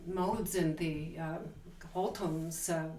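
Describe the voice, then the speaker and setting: A woman's voice: deep voice, fairly even intonation, slow, distant mic. A woman teaching piano, counting beats and singing rhythms aloud while she plays, emphatic and enthusiastic about accents and articulation. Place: room with a piano. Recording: roomy, from off-mic, loud piano. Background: piano playing.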